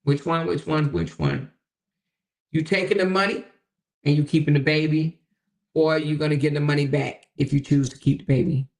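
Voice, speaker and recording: A woman's voice: low voice, steady tone, brisk, darkish tone. A woman hosting a livestream, talking bluntly and casually to her viewers and reading their comments aloud. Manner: chatty, addresses viewers directly, reads comments aloud; blunt and colloquial. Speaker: livestream host.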